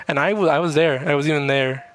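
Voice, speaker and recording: A man's voice: a little high, fast, fairly bright tone. Rambling young man, faint music behind. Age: young adult. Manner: rambling, swears often, laughs at himself. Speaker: vlogger. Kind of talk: casual chat reacting to chat messages.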